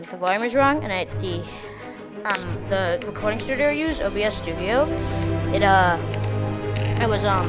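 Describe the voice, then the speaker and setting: Giggly excitable woman over game music. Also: mid-range voice. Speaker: gaming channel host. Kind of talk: gameplay commentary. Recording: loud game music behind.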